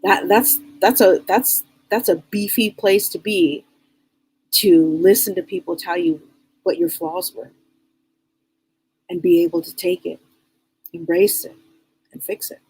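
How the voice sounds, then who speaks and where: A middle-aged woman runs a live psychic advice stream as reader and host, talking bluntly and casually, repeating herself and tossing out rhetorical questions. Her voice is lowish, darkish and husky, and the recording is rough.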